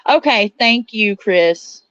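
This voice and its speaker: This streamer speaks slowly but animatedly, with a medium-pitched, fairly bright voice, chatting casually and answering viewers' comments out loud. The recording is dry, dull, and a little lo-fi.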